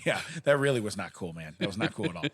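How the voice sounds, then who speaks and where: A man's voice: fairly low pitch, animated, fast talker, fairly bright tone, slightly rough, no echo. Laughing middle-aged man telling a story. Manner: rambling, laughs often, acts out quotes. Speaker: podcast co-host. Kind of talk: casual storytelling chat.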